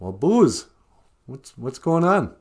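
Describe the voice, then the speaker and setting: A man's voice: medium pitch, big pitch swings, takes it slowly, slightly rough, voice pushed up, exaggerated voice. A man voicing a friendly but blunt male bear who offers to help. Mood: offhand. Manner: casual and blunt.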